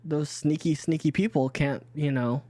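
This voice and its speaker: A man's voice: fairly high pitch, fairly even intonation, normal speed, a little mellow, no room sound. A man hosting as game master, reading sponsors in a rambling, casual way, with hiccups and many restarts. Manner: rambling, restarts, laughs easily. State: has the hiccups.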